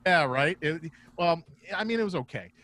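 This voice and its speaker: A man's voice: fairly high pitch, expressive, moderate pace, pushed and bright. A man guest, a comedian and former wrestler, telling rambling, profane stories casually over a video call. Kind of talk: casual storytelling.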